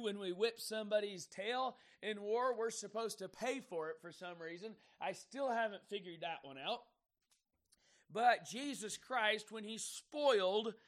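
Brief: male preacher, very high voice, fervent, builds to shouts. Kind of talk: fiery sermon.

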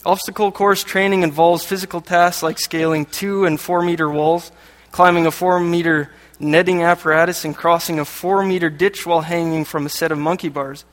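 A man's voice: on the high side, fairly even intonation, moderate pace, few pauses, fairly bright tone. Light-voiced man preaching in an echoey hall. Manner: joking asides between read passages. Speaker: lay preacher. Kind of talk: sermon. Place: church hall. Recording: echoey hall with long reverb.

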